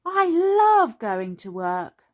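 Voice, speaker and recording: A woman voicing Peppa Pig, a cheerful little girl piglet, in an excited storybook reading. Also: mid-range voice, unhurried. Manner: excited, squealing. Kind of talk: storybook character voice.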